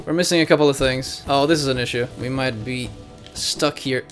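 A man streaming a platform game, chatting casually, excitable and quick to swear and laugh. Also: mid-range voice, faint music behind. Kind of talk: casual gameplay commentary.

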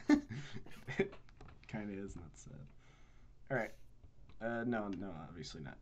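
A man's voice: fairly low pitch, lively intonation, slow pace, a little hiss or hum. A man co-hosting a podcast in casual chat, teasing his friends and laughing often. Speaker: podcast co-host.

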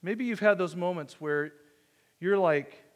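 In a church sanctuary, a male pastor with a high-sitting voice and measured pace tells a personal story during a conversational sermon. He jokes at his own expense and acts out the dialogue, and the church hall's long reverb carries his words.

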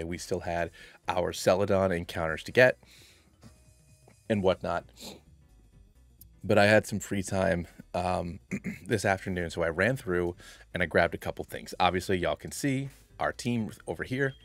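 A man's voice: sits low, a little slow, long pauses, no room sound, faint music behind. A man streaming a video game, chatting playfully and greeting his chat by name. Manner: hushed and quiet at first.

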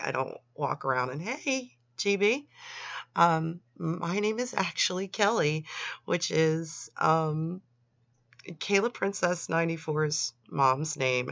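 Young woman, low voice but sharp and bright, reading chats out loud w/ snarky remarks, dry dull-ish mic. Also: creaky, no room sound. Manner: sarcastic, disgusted asides. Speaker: commentary host. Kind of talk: reading chat logs aloud with commentary. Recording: dry, slightly dull lo-fi home recording.

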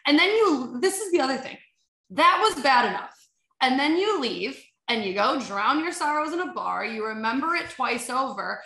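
A woman's voice: high voice, lively intonation, normal speed, sharp tone. A woman guesting on a podcast, telling stories animatedly with lots of fillers and acted-out quotes. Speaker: podcast guest, sports agency head. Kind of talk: casual chat. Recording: roomy echo.

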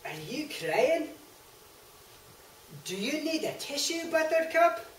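Woman as slow-talking, bossy Scottish sister, put-on accent, echoey hall from far off. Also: sits high, very animated, a little hiss or hum, exaggerated voice. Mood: taunting. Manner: taunting and scolding.

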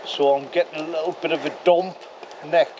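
A man's voice: a little high, steady tone, fairly quick, dull audio, slight background noise. A man bantering drily at a rainy wild camp. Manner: wisecracking, dry banter. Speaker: camping companion. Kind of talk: casual chat. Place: outdoors at a wild camp in heavy rain. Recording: outdoor camera audio with loud rain.

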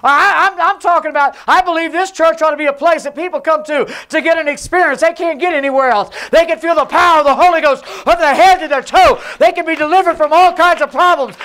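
Preacher man, loud and low by turns. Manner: preachy, swings between loud and low, mocks voices. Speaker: pastor. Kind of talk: Pentecostal sermon. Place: church sanctuary.

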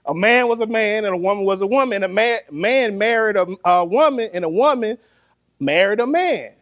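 A man preaching a sermon, animated and lively, laughing and calling the congregation to answer back. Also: sits high, normal speed.

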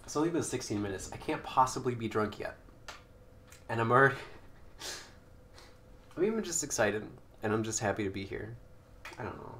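A young man streams a game with loose, jokey commentary. His voice sits at an ordinary middle pitch and jumps into loud outbursts now and then. The room is echoey and carries a faint noise underneath. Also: huge pitch swings, normal speed, pauses often. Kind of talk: casual live-stream commentary.

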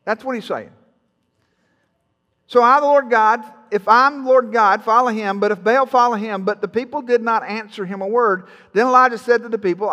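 A man's voice: sits high, sharp tone, big-room sound, muffled recording. A man preaching a sermon to his congregation, folksy and playful, teasing the people in the pews. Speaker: pastor. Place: church sanctuary.

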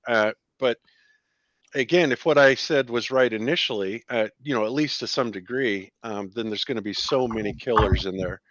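A man hosting a trivia quiz on a livestream, chatting in a relaxed way and chuckling between answers. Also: mid-range voice, normal speed, dull audio, background noise. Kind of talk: casual livestream chat.

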